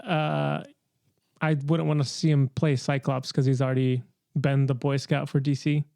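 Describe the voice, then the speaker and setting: A man's voice: medium pitch, flat delivery, normal speed, gravelly, mellow, no echo, clean studio sound. A man co-hosting a podcast, sharing opinions hesitantly in casual chat.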